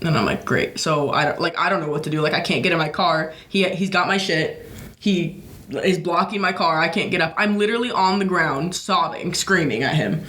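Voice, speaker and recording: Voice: medium pitch, fairly bright tone. Young podcaster telling a story in an echoey room. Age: young adult. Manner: profane, rambling, many fillers. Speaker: podcast co-host. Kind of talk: casual storytelling.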